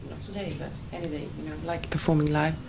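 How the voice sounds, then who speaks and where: A woman with a Swedish accent, a TV interviewer asking questions in a soft, measured way. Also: deep voice, fairly even intonation, gravelly, noisy background.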